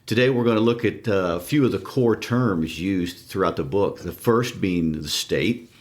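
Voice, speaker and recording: A man with a deep, low-pitched voice co-hosts a literature podcast. He explains ideas thoughtfully, pausing on fillers as he builds his points. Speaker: podcast co-host. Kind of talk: casual literary discussion.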